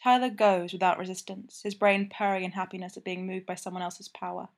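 A woman narrating a story aloud at a middle pitch. Her reading is even and intimate, moving steadily through the text. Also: a little fast, gravelly. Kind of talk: scripted narration.

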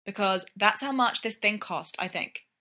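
A woman's voice: medium pitch, moderate pace, bright, forceful tone, lightly acted. A woman voicing a blunt, impatient young man with a dry, matter-of-fact delivery.

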